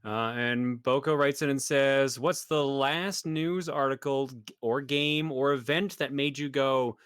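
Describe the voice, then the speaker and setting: A man co-hosting a podcast and telling news stories in quick, animated bursts. His voice is smooth and clean at a middle pitch, recorded dry and close with no room sound. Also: no room sound. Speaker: podcast co-host. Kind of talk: casual podcast chat.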